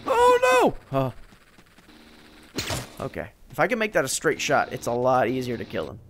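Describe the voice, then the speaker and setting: A man's voice: mid-range voice, huge pitch swings, fast talker, fairly bright tone, a little hiss or hum. Swearing, yelping man playing a game. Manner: swears and yelps in frustration. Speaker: gameplay commentator. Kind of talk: let's play commentary.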